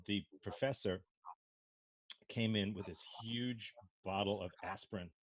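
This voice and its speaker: A man's voice: fairly low pitch, a little slow, no echo. An older man from Brooklyn, with a faint Brooklyn accent, telling rambling stories with many restarts as an improv instructor. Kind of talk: casual discussion.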